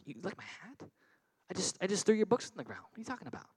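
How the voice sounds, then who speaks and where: A man voicing a puzzled schoolyard bully boy, speaking quickly and quietly in disbelief. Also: sits high, sing-song, husky, full character voice. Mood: baffled.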